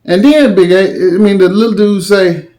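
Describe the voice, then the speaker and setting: A man's voice: sits high, moderate pace, warm tone. A man telling a story in a casual, slangy way, with dramatic asides.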